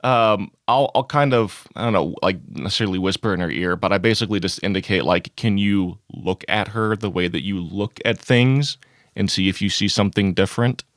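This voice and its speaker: A man playing a tabletop game, joking and animated. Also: deep voice, a little fast, no room sound, studio quality. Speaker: player. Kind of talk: tabletop role-play.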